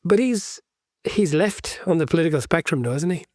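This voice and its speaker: A man's voice: on the high side, lively intonation, a little fast, a little mellow, dry recording, clean studio sound. Earnest, enthusiastic male podcast co-host. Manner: enthusiastic, earnest, thinks aloud with restarts. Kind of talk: casual book-club chat.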